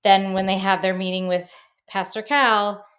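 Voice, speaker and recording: A woman's voice: mid-range voice, little pitch movement, moderate pace, fairly bright tone. A woman guest on a podcast, talking things through thoughtfully in a casual conversation. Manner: thoughtful, explains at length with frequent restarts.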